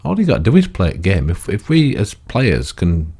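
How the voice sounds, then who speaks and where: A man's voice: low voice, huge pitch swings, normal speed, mellow, husky. An older man giving rambling, chatty commentary on his own gameplay, full of tag questions and self-mocking asides. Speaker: gaming YouTuber.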